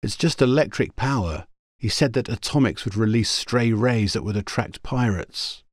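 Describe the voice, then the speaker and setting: A man voicing a frightened young woman held captive, speaking quickly and breathlessly. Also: mid-range voice, dry recording, studio quality, voice pushed up, natural voice. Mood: urgent.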